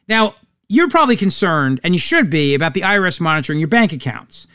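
A man's voice: fairly high pitch, very animated, quick pace, sharp tone, clean tone, no room sound, studio quality. A man hosting a talk show, giving opinionated commentary in a sarcastic, mocking manner. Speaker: radio talk show host.

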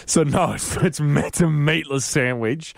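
A man's voice: a little high, a little slow, gravelly, dry recording. A man, a radio host bantering playfully on a studio microphone. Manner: playful, animated storytelling.

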